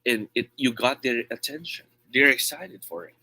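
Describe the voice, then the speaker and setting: A man's voice: mid-range voice, normal speed, breathy edge, dry recording, low-quality recording. A young adult man with a Filipino accent teaching an online speech lesson, switching between English and Tagalog and often checking in with "okay?". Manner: demonstrates loud and soft volume while teaching.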